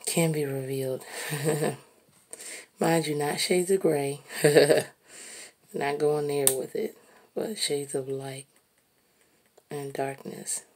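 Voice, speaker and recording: A woman musing aloud while she draws, slow and reflective, sometimes dropping to a soft whisper. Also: low-pitched, steady tone. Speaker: artist narrating while drawing. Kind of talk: reflective casual monologue.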